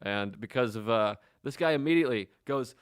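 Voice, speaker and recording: A man telling a comic story in casual chat, acting out the loud people in it. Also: medium pitch, a little fast, smooth, no room sound. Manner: animated, acts out shouting people in his stories. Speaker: comedian.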